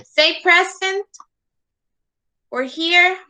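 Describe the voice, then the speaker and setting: Slow, bright-voiced woman teaching English. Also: very high voice. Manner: slow, repeating words for students to echo; checks understanding with frequent "okay?". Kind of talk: online class instruction.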